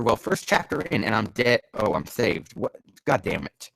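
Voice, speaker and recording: A man reading bad fanfiction aloud for comedy, sarcastic and swearing, breaking off into loud bursts of disbelief. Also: medium pitch, very animated, moderate pace, dry recording, poor audio. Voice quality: gravelly.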